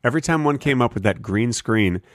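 Lively deadpan man on a podcast. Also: medium pitch, a little fast, no echo, studio quality. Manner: deadpan storytelling, mock-indignant. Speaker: podcast co-host. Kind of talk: casual comedic chat.

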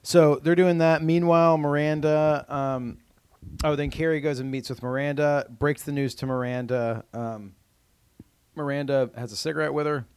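A man's voice: a little high, steady tone, normal speed, clear, resonant tone, dry recording. A man co-hosting a podcast, chatting casually as he recaps a TV episode, with lots of "um" and "uh" and restarts. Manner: rambling with many fillers and restarts. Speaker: podcast co-host.

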